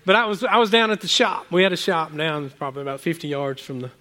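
A man preaching a sermon, telling animated stories from home with many restarts and asides to the congregation. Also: a little high, fast. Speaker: pastor.

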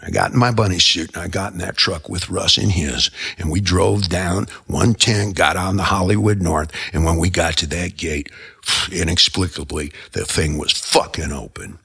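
A man's voice: low-pitched, steady tone, normal speed, creaky, bright, forceful tone, slightly rough. A male show host telling rambling comic stories in a brash, profane way. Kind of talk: comic storytelling monologue.

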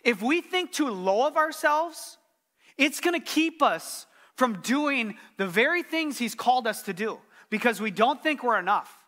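A man's voice: extremely high pitch, lively intonation, a little slow, sharp tone. A middle-aged man preaching a sermon as pastor, earnest and emphatic, repeating his key phrases.

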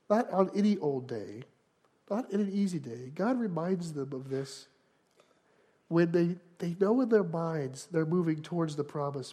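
Male pastor, high voice, earnest sermon, repeats phrases, swings from loud to soft. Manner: builds to emphatic, louder passages then drops to quiet prayer.

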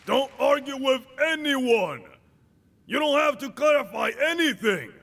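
A man preaching with a lively, high and bright voice, full of swings. He acts out dialogue and bursts into shouts. The sermon rings through a reverberant hall. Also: measured pace, vocal fry. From Dominican Republic.

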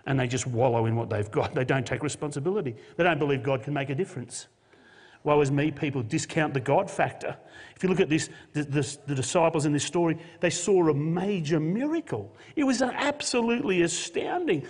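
A man preaching a sermon, swinging from loud emphatic lines to soft, quiet ones. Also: a little high, expressive, normal speed. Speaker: pastor. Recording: long hall reverb.

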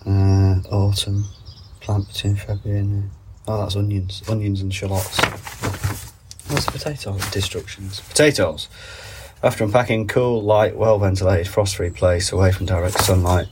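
A man's voice: sits low, a little mellow, a little hiss or hum. A man hosting a podcast while under the weather with a cold, chatting casually with wry asides in a greenhouse and reading labels aloud. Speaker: podcast host. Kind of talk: casual rambling monologue. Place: garden greenhouse. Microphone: phone.

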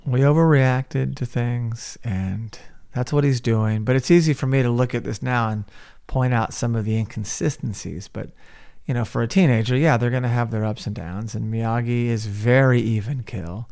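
Guy with a gravelly voice doing a chatty movie podcast, acts out the lines. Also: medium pitch, moderate pace, darkish tone. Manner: retells scenes, acting out characters' lines. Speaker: podcast co-host. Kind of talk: casual podcast movie breakdown.

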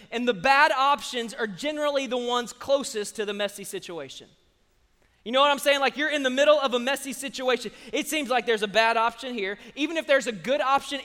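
High, bright preacher man. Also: in a large hall. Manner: animated, humorous storytelling. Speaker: pastor. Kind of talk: sermon.

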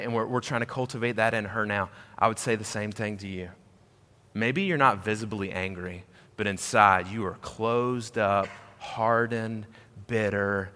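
A man preaching a sermon in a big reverberant hall. His voice is bright and forceful. He climbs to loud, high emphasis, then drops low and quiet, and repeats phrases to hammer them in. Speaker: pastor.

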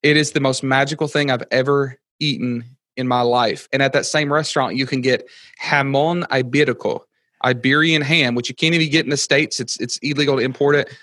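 An excitable man in his thirties chatting on a podcast, rambling from one story to the next. His voice sits in the middle of the range. The sound is dry and close, with no room echo. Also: medium pitch, fairly quick. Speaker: podcast guest. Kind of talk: casual storytelling chat.

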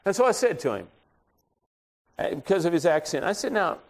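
A man's voice: fairly high pitch, big pitch swings, a little fast, creaky. A middle-aged man preaching a sermon in a conversational way, telling folksy stories from his own life. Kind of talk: storytelling sermon.

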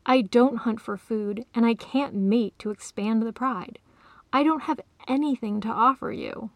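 Storybook cat, small, stubborn and matter-of-fact, read by a woman with a slightly high, gravelly voice. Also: unhurried, no echo. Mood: plain. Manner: matter-of-fact, plain-spoken.

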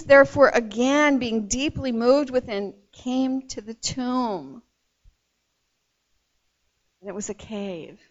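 A woman's voice: fairly high pitch, muffled recording. A woman preaching a sermon, emphatic and emotional, calling out to her congregation. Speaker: pastor.

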